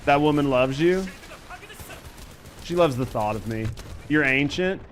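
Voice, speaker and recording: With slight background noise behind him, a man in his thirties talks in an expressive, fairly high voice at a measured pace. He's streaming a game, reading chat aloud while he plays, joking and swearing with his viewers.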